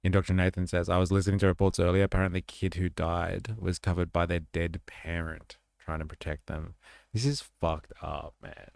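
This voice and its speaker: A man's voice: low voice, steady tone, normal speed, vocal fry, no room sound, clean studio sound. A man hosting a livestream, reacting bluntly to a news clip and swearing freely. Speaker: livestream host. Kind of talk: casual commentary reacting to a clip.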